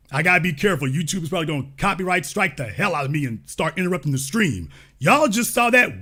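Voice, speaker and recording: A man's voice: on the high side, big pitch swings, fast talker, pushed and bright. A man hosting a livestream, giving emphatic, preachy commentary with lots of rhetorical questions. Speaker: livestream show host.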